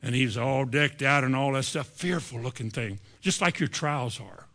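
A male pastor preaching an animated, storytelling sermon in a church, often acting out the voices. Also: medium pitch, normal speed.

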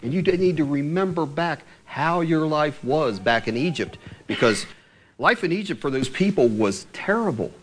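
A man's voice: on the high side, animated, normal speed, slight background noise. A man preaching in a conversational Bible-teaching style, explaining verse by verse, asking his listeners questions and chuckling now and then.

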